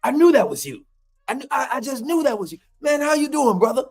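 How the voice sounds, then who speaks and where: A man putting on the voice of an upbeat, friendly male football coach who talks excitedly and keeps calling people brother. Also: very high-pitched, brisk, husky, voice pushed up, heavily acted. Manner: excited, repeats himself, calls people brother.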